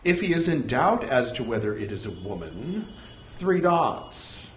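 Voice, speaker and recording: A man's voice: medium pitch, big pitch swings, measured pace. A man reciting scripture aloud, reading out the punctuation and breaking off for joking, apologetic asides. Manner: reads punctuation aloud, wry self-mocking asides. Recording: echoey room with faint ambient noise.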